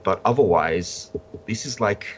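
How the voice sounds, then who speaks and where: A man's voice: on the low side, measured pace, dull audio, background noise. A man reviewing trading cards in casual chat, blunt and opinionated with a dry sense of humor. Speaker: card game reviewer.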